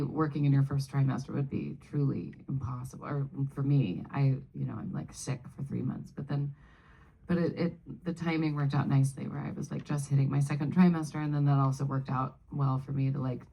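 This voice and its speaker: A woman's voice: sits low, creaky, dark tone, low-quality recording. A woman speaking as a guest on a live Q&A panel, talking casually in rambling, self-interrupting bursts with frequent laughs. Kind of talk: casual Q&A talk. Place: live Q&A panel before an audience.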